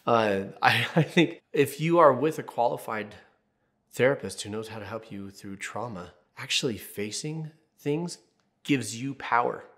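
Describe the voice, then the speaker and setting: A man's voice: mid-range voice, expressive, unhurried, fairly bright tone. A man in his thirties, a therapist hosting an advice video, talking casually and candidly with jokey asides and personal stories. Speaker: therapist, channel host.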